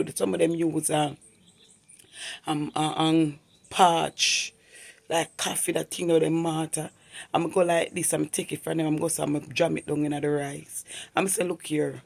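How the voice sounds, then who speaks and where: Gravelly man telling a testimony. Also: on the high side, flat delivery, moderate pace. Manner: earnest, repetitive storytelling in creole-inflected English. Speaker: vlogger. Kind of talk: personal testimony.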